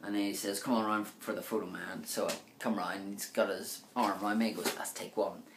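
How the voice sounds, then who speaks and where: A man's voice: fairly low pitch, steady tone, a little fast. A man telling stories casually to camera, rambling with lots of fillers and acting out what people said. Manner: rambling, chatty, many fillers, acts out quoted lines. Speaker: vlogger. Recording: echoey room with faint ambient noise.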